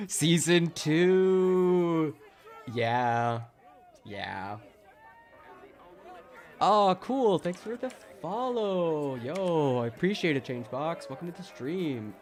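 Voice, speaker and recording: A man's voice: on the high side, very animated, slow pace, long pauses. Laughing, sarcastic male streamer. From Wisconsin, US. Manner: jokey, sarcastic, laughs often, chats with viewers. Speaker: livestreamer. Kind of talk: casual livestream commentary.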